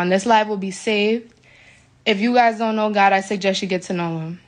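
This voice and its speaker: An upset woman from the United States speaks straight into a phone camera in a hotel room, shaken and venting to her viewers. She is emphatic, often repeats her words and pleads with her audience. Her pitch sits mid-range for a woman. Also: steady tone, normal speed. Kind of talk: emotional live video to followers.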